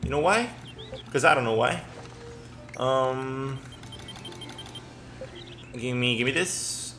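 A young man giving casual gameplay commentary, excitable, often stammering and swearing as he reacts. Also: on the high side, unhurried, pauses often, faint music behind. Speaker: gaming commentator.

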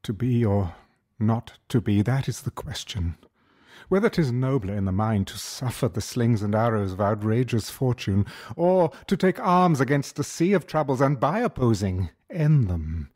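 A man's voice: mid-range voice, sing-song, normal speed, darkish tone, dry recording, studio quality. A male actor reciting a Shakespeare soliloquy with emphatic, rising intensity.

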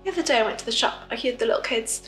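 A woman's voice: on the high side, expressive, rapid-fire, fairly bright tone, reverberant, soft background music, poor audio. An actress playing a fed-up woman, stuck in lockdown with her partner, confiding in a rambling, apologetic way. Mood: bitter. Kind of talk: confessional monologue.

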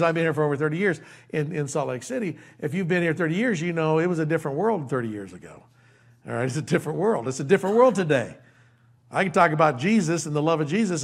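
An older man preaches in a relaxed, folksy way, with a voice that sits a little high for a man. He walks through scripture conversationally, acting out dialogue with sudden lifts and then sinking into soft, hushed asides. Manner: folksy, animated, acts out quoted dialogue, trails into quiet asides. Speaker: pastor. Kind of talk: conversational verse-by-verse sermon.

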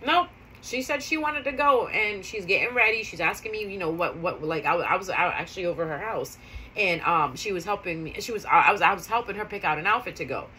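A woman's voice: fairly low pitch, lively intonation, fairly quick, sharp tone, a little hiss or hum, low-quality recording. A woman talking casually to viewers, telling stories in a chatty way and repeating key phrases for emphasis. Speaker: spiritual vlogger. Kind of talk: casual storytelling monologue.

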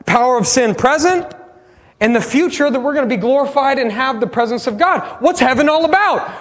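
A man preaching a sermon as pastor, passionate, swinging from loud bursts to hushed pleas. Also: very high-pitched, animated, a little fast, long reverb tail. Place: church sanctuary.

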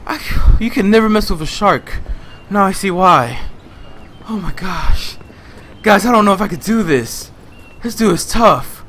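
A young man gaming at his home desk, out of breath, yelling and cursing at the game in frantic let's-play commentary. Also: high-pitched, expressive, normal speed, soft background music. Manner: yells and swears at the game, panting and cursing. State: out of breath and sweaty. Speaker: gaming YouTuber.

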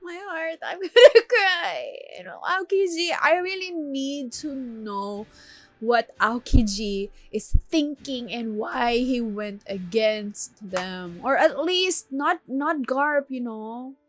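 A woman's voice: fairly high pitch, expressive, takes it slowly. A woman hosting an anime reaction, commenting live, emotional and exclaiming, swearing often.

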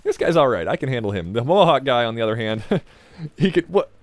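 A let's play gamer with a mid-range, sing-song voice talks fairly quickly, with no room sound. His loose, chatty gameplay commentary is jokey and rambling; he laughs easily, teases on-screen characters, talks to the game and drifts into offhand asides between bursts of action.

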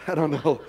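Middle aged pastor guy, kinda high voice, goofy self-mocking asides then big loud preaching bits. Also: vocal fry. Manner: swings from quiet asides to loud emphatic preaching; self-deprecating humor. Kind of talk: sermon.

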